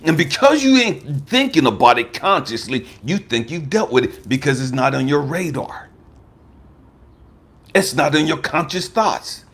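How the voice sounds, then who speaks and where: In his fifties, this husky-voiced American life coach and speaker delivers a personal testimony talk with an animated, slightly slow delivery. His manner is emphatic and profane, moving from loud outbursts down to low murmurs.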